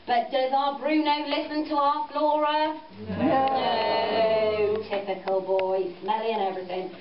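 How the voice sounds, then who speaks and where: A woman's voice: a little high, steady tone, unhurried, over a noisy crowd. A woman telling a story to children at a farm venue, coaxing and playful, with many tag questions. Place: farm venue, roomy space. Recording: echoey, distant, dull with background noise.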